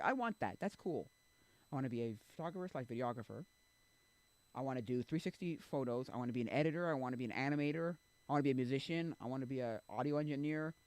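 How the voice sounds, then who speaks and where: A man's voice: medium pitch, a little mellow. A man streaming, chatting casually and rambling with lots of fillers while he thinks aloud. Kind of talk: casual chat.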